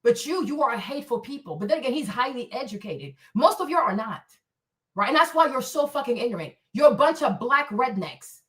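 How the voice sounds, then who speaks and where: A woman's voice: fairly high pitch, big pitch swings, fairly quick, a bit bright. A woman from Africa hosting a livestream, ranting bluntly and profanely and tagging lines with "right?", on a slightly distant mic. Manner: blunt, profane, confrontational, keeps asking "right?". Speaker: livestream host. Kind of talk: solo ranting commentary.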